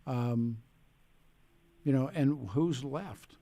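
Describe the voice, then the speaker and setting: A man with a gravelly, mellow voice hosts a radio talk show, circling through his points with restarts and asides. He is close on a studio microphone in a dry booth. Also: mid-range voice, drawn-out words, dry recording. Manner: rambling, with frequent restarts.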